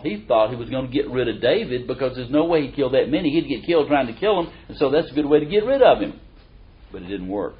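Folksy, animated man preaching, lo-fi. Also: medium pitch. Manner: folksy and animated, reads verses aloud with emphasis. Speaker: preacher or Bible teacher. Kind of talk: conversational sermon. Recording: dull lo-fi recording.

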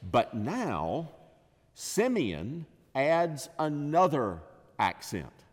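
A man delivers an expository sermon in an unhurried, deliberate way. His voice sits on the low side and lifts with emphasis on key phrases. The sound carries a long reverb, as in a large church sanctuary. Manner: measured, emphatic preaching that rises on key phrases. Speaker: preacher.

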